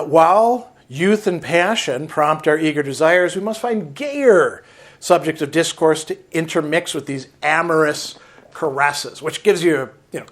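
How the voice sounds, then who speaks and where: A man giving a philosophy lesson, reading passages aloud and explaining them with frequent "right?" asides. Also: on the high side. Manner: reads quotes aloud, then comments with "right?". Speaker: philosophy lecturer. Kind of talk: lecture reading and explaining a text.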